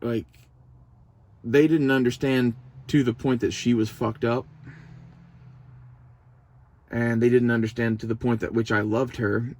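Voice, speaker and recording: A man's voice: medium pitch, little pitch movement, measured pace, long pauses, darkish tone. A young man, talking to the camera in a loose, profane, meandering monologue that turns emotional at times. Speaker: vlogger. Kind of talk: casual rambling monologue.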